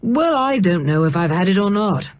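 A woman reading a storybook, voicing an absent-minded, irritable middle-aged male scientist who is vague and quick to anger. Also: high-pitched, very animated, dry recording. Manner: vague, then sharply cross.

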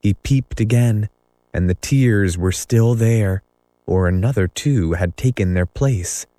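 A man reading a children's story aloud as narrator, in measured storytelling. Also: lowish voice, dark tone, no echo. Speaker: audiobook narrator. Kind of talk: scripted narration.

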